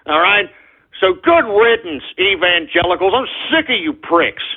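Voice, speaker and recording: Angry talk radio guy ranting, highish husky voice, sounds like over a phone line. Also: sing-song, a little slow. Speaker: radio show host. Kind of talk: political talk radio rant. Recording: tinny phone-like audio.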